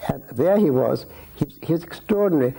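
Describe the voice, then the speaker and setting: Gravelly, husky man in his eighties. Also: fairly high pitch, expressive, fairly quick, mellow, poor audio. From Scotland. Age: 80s. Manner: rambling, anecdotal, with restarts and asides. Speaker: interviewee, society photographer. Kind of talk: reminiscing in a filmed interview. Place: his home.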